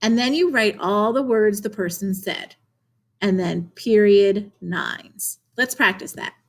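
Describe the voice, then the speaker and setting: A woman's voice: medium pitch, slow. Encouraging woman teacher giving a lesson. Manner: clear, encouraging classroom delivery with questions to students. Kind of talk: remote video lesson for children.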